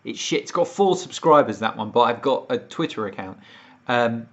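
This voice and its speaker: On a casual livestream, a British man from the UK rants and swears, growing more worked up as he continues. His medium-pitched voice is expressive and a bit bright at normal speed, and the stream audio is dull and lo-fi.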